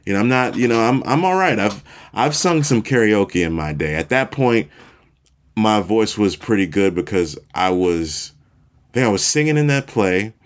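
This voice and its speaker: A man in his forties hosting a podcast, telling a story in a relaxed, self-deprecating way. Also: fairly low pitch, normal speed. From Chicago, USA. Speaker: podcast host. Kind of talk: casual storytelling monologue.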